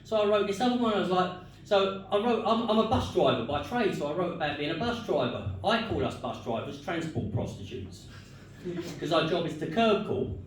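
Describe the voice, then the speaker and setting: Stand-up comic in an echoey club. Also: male voice, high voice, moderate pace, slight background noise. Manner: deadpan storytelling, laughing at own punchlines. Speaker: stand-up comedian. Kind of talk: stand-up set with crowd work. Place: comedy club stage. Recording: echoey club room, mic far off.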